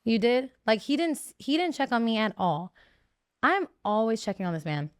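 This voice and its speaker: A woman's voice: fairly high pitch, big pitch swings, moderate pace, clean tone, no echo, clean studio sound. A woman in her twenties, a guest telling her story in casual chat, emotional and full of fillers.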